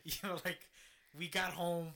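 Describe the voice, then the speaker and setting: Bright-voiced man telling a story. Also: sits high, level tone, normal speed, creaky. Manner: swears freely, laughs while telling stories. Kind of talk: casual storytelling chat.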